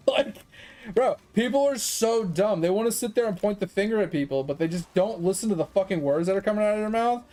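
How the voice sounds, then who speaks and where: A man's voice: sits high, brisk, warm tone, faint music behind. Exasperated man ranting while gaming. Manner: exasperated, sarcastic, swears, acts out quoted people. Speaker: gaming streamer. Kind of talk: casual rant while gaming.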